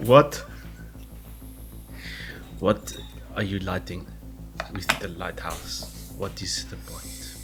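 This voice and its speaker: A man's voice: deep voice, drawn-out words, pauses often, loud music behind the voice. A man playing a tabletop game, making teasing jokes. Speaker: player.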